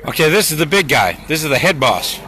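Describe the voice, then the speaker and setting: A man's voice: on the high side, big pitch swings, brisk, sharp tone, poor audio. A man filming on a street by a school with his phone, arguing heatedly with road workers and repeating himself. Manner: heated, argumentative, repetitive. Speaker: parent filming a street dispute. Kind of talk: handheld confrontation vlog.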